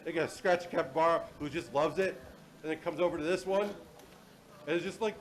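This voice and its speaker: A man with a somewhat high voice hosts a live convention panel. He talks in a chatty, playful way and pokes fun at himself. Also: fast, a little hiss or hum. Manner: chatty, playful, self-deprecating. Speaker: panel host. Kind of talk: casual live panel hosting. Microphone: handheld or table mic.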